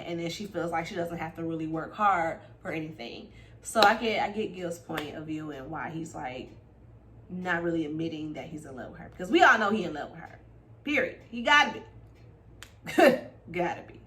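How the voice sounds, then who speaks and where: A woman with recapping a reality show in casual chat, animated and gossipy, jumping between loud exclamations and quiet asides. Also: fairly low pitch, slight background noise.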